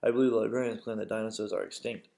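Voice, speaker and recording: A man's voice: fairly low pitch, fairly even intonation, rapid-fire, vocal fry, dark tone. A man voicing a wry, amused grown man in a storybook read-aloud.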